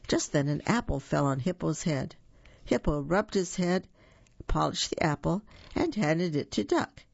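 Slow, low-voiced woman reading aloud. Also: lively intonation, gravelly, breathy edge, no echo, dull audio. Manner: slow, gentle, with small slips and restarts. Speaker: storyteller. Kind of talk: reading a picture book aloud.

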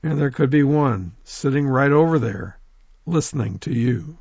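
A man telling a folk tale in a lively oral storytelling manner, talking straight to his listeners. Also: mid-range voice, normal speed, breathy edge, no room sound, lo-fi sound. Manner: lively, animated, addresses listeners directly.

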